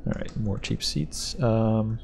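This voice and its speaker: Touring a ship in a game, a male channel host who reviews game ships rambles and jokes, laughing frequently in casual commentary. His voice is on the low side, slow, gravelly, and somewhat dark. There's slight background noise.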